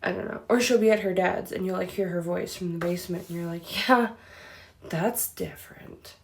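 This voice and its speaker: A woman's voice: on the low side, steady tone, fast, a little mellow, a little hiss or hum. A woman hosting a spooky channel, chatting casually in a rambling way full of fillers, with an easy laugh. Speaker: host of a spooky story channel.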